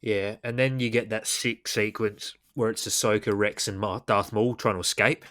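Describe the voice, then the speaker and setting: A man's voice: lowish voice, steady tone, normal speed, a bit bright, no echo, studio quality. A man co-hosting a podcast, adding short enthusiastic remarks in casual chat. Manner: chimes in with short enthusiastic interjections. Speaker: podcast co-host.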